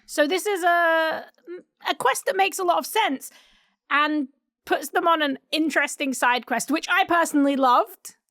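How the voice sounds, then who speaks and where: A female podcast co-host who talks about a TV episode with enthusiasm and some analysis. Her voice sits a little high for a woman. The sound is close and dry. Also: normal speed, a bit bright, no echo. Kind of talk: casual podcast discussion.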